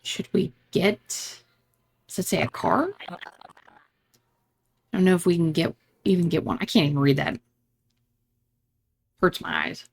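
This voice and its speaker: In a let's-play on her gaming channel, a woman voices the game's characters aloud, swapping between them dramatically. She speaks on the low side, unhurried and gravelly, leaving long pauses.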